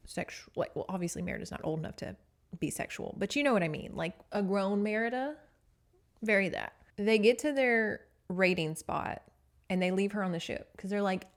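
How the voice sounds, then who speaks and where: A woman hosting a podcast who chats through a book recap in a casual way, wandering off topic and laughing often. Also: medium pitch. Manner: chatty, digressive, laughs often. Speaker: podcast host.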